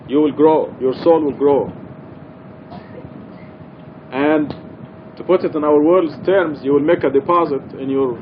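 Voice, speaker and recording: A middle-aged man giving an informal, earnest religious study talk in a mosque, explaining and emphasizing his points. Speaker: Quran study teacher. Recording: dull lo-fi archival recording with faint rumble.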